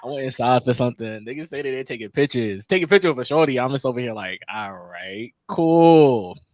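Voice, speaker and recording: A man's voice: mid-range voice, expressive, a little fast, a little mellow, dry recording, clean studio sound. A young man co-hosting a podcast, laid-back and laughing as he tells stories. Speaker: podcast co-host. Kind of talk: casual chat.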